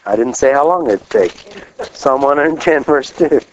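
A middle-aged man from Kansas preaching a lively, joking sermon, reading scripture aloud slowly and with emphasis. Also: mid-range voice, slight background noise. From Kansas, USA. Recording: dull lo-fi live recording.

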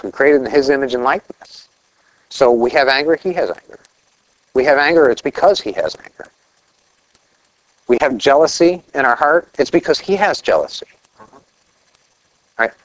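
A man's voice: mid-range voice, muffled recording. A middle-aged man preaching a conversational sermon, asking rhetorical questions and telling anecdotes. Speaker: pastor.

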